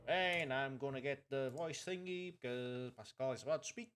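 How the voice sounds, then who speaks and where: A man's voice: mid-range voice, moderate pace, fairly bright tone, faint music behind. A man streaming a game, muttering offhand to himself while trying out voice effects. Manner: muttering, self-questioning, offhand. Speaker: streamer reading game dialogue. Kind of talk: casual aside while testing voice effects.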